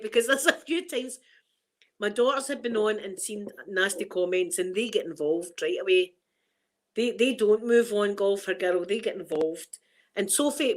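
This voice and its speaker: A middle-aged Glaswegian woman talks casually to her viewers. She rambles cheerfully and laughs often. Her voice is wearing thin and turning hoarse. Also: mid-range voice, low-quality recording. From Scotland. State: voice going hoarse. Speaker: vlogger.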